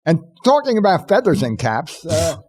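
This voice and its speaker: A man's voice: fairly high pitch, very animated, moderate pace, a little mellow, husky. A man co-hosting a podcast, bantering and joking in a mock-announcer style. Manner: jokey, announcer-like sign-off patter. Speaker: podcast co-host.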